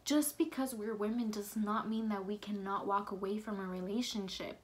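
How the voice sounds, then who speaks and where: A woman's voice: medium pitch, steady tone, moderate pace. A young woman vlogging in her bedroom, ranting heatedly with lots of swearing and "like" fillers. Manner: fired-up, swears a lot, many "like" fillers. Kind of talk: heated opinion rant to camera.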